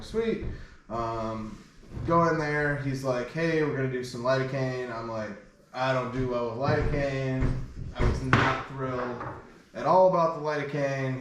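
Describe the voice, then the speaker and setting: A man rambling through a crude anecdote in easy podcast chat, his voice at an ordinary middle pitch. He sits well back from the mic, so the room rings loudly around him, with a faint hiss underneath. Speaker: podcast co-host. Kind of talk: casual storytelling chat. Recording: echoey room, distant mic, faint noise.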